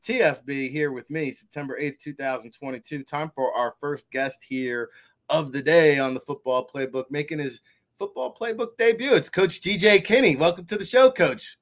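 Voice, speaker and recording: A man with a New Jersey accent hosting a football talk show, chatty and energetic. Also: fairly high pitch, moderate pace. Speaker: host. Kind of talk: casual sports interview.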